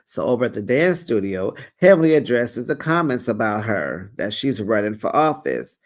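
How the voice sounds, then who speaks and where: A man's voice: fairly low pitch, very animated, moderate pace, few pauses. A man hosting a casual reality TV recap, talking in a sassy, playful gossip style full of slang asides.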